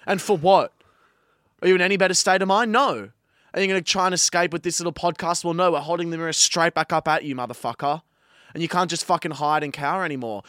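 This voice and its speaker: A man's voice: on the high side, fast talker, fairly bright tone, no echo. A man with a slightly raised voice, barking a sweary mock pep talk before settling into casual chat. The sound is close and dry. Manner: mock-aggressive motivational speech with swearing. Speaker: podcast guest.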